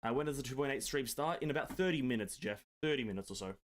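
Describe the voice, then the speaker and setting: A man's voice: medium pitch, animated, quick pace. A man streaming games from his home desk, chatting casually, answering viewers and joking around with the odd swear word. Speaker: gaming streamer. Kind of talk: casual live-stream chat.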